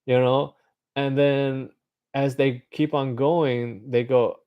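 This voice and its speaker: A man talks straight to his viewers in a loose, wandering monologue, padding his thoughts with "like" and "you know". His voice sits at an ordinary middle pitch. The recording is close and dry, with no room sound. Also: level tone, slow, warm tone, smooth, dry recording. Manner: meandering, acts out hypothetical voices, with filler words. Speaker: vlogger. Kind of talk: casual rambling monologue.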